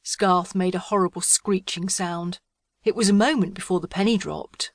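Woman audiobook narrator, wry comic delivery, lowish voice, dry close recording. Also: steady tone, moderate pace, no room sound.

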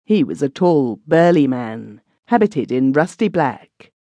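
A woman's voice: very deep voice, very animated, measured pace, warm tone, no room sound. Woman narrating a classic story. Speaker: audiobook narrator. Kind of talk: scripted narration.

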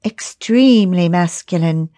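A woman's voice: lowish voice, measured pace, mellow, lightly acted. A woman narrator voicing the heroine's own dialogue, a direct, teasing young woman.

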